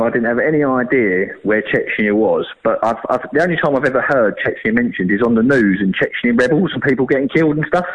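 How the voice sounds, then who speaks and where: A man's voice: medium pitch, poor audio. A man, telling a long fishing story in a chatty, rambling, slangy way. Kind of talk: casual storytelling.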